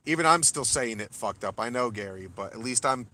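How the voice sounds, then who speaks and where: A man chatting casually with his audience at the end of a late-night livestream, loose and profane, getting excitable when he corrects a pronunciation. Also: medium pitch, fairly quick. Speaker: livestream host.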